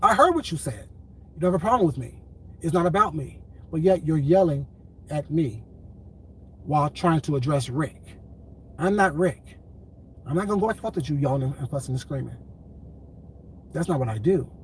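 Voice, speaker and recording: A man streaming on YouTube, speaking in a calm, controlled, deliberate way and repeating his points for emphasis. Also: fairly high pitch, a little hiss or hum, poor audio. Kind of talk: heated livestream commentary.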